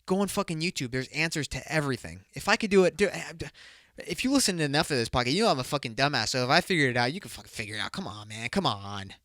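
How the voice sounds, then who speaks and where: A man's voice: mid-range voice, expressive, rapid-fire, fairly bright tone, dry recording, clean studio sound. A young man hosting his own podcast, rambling loosely in a casual, profane, bro-ish way. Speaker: podcast host. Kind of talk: casual solo podcast talk.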